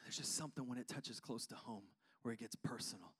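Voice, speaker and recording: A man preaching a sermon, fervent and chatty, calling out to the congregation and swinging from hushed tones to loud ones. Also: medium pitch, quick pace, breathy edge. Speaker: pastor.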